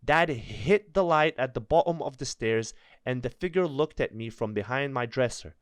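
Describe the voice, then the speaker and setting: A man with a middle-pitched voice reads creepy stories aloud, stumbling over the text and cutting in with nervous jokes and laughter. The sound is close and dry, with no room around it. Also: expressive, normal speed, clear, resonant tone, no echo. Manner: nervous, stumbling reader who laughs and breaks in with asides. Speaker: storyteller reading online stories. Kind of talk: reading aloud with joking commentary.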